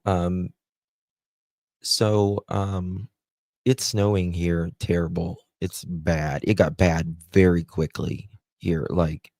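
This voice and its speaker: A man from the United States with a Southern American accent, hosting a casual live stream, chatting with viewers and reading their comments aloud with plenty of "um" pauses. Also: sits low, warm tone, dry recording. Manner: chatty, self-deprecating, many "um" pauses. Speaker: livestream host.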